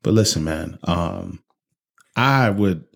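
This whiskey-reviewing podcast co-host has a low, creaky voice and speaks slowly but animatedly. He chats loosely about the drink, cursing freely and filling the gaps with rambling.

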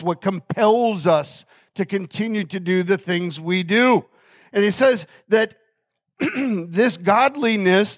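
A man preaching a sermon as pastor, earnest and conversational, often checking in with his listeners with quick asides. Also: high-pitched, no echo, studio quality.

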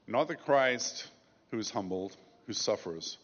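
Male pastor, deep-ish voice, measured sermon delivery with stressed slow phrases; dull recording, long reverb. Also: animated.

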